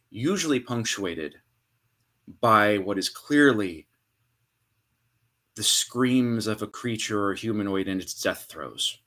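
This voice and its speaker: A man narrating a tabletop game as game master, with dramatic storytelling and hushed pauses. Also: on the low side.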